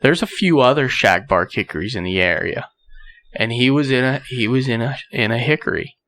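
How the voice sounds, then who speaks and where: Relaxed man hosting a podcast. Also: medium pitch, brisk. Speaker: podcast host. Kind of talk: casual chat.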